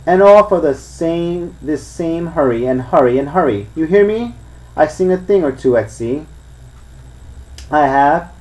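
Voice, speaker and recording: A man reading the part of a crafty older male pirate who coaxes and lectures his crew in rough sea talk. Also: fairly high pitch, animated, measured pace, a little mellow, voice pushed up, low-quality recording. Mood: lecturing.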